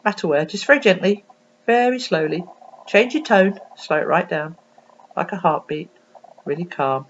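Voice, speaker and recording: A woman's voice: fairly low pitch, moderate pace, dull audio. A woman speaking as an anxiety coach, giving an earnest, explanatory tutorial with frequent ums and restarts, recorded on a computer webcam. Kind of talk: casual spoken tutorial.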